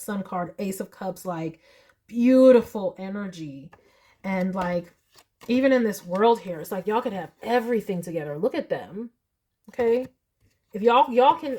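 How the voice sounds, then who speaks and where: A woman's voice: mid-range voice, a little mellow. A woman, reading tarot in a chatty, emotional monologue full of likes and y'alls. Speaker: tarot reader.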